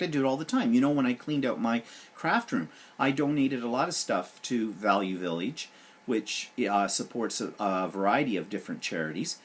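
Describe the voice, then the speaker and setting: A man's voice: medium pitch, slightly rough. A man hosting his weekly vlog, griping sarcastically and with animation. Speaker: vlog host. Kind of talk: casual vlog rant.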